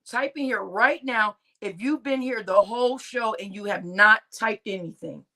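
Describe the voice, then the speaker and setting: A woman's voice: medium pitch, normal speed, pushed and bright. A woman hosting a casual live stream, chatting and laughing with her viewers and addressing them as y'all. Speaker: livestream host.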